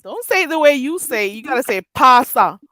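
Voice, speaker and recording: A woman's voice: high-pitched, sing-song, quick pace, dry recording. A woman hosting a casual chat, patiently coaching a friend through patois phrases and laughing often. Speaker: host teaching patois phrases. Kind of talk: casual language lesson chat.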